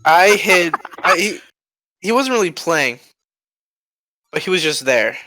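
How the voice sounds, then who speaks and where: On a casual podcast, a teenage boy co-host tells his friends a rambling story, laughing often and acting out the voices of the people he quotes. His voice is high and sharp with lively intonation and a measured pace, recorded with no room sound but in poor audio quality.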